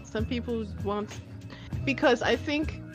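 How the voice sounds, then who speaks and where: A woman's voice: fairly high pitch, slow pace, over music. A woman in casual chat, asking questions in a chatty way with many fillers. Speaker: interviewer.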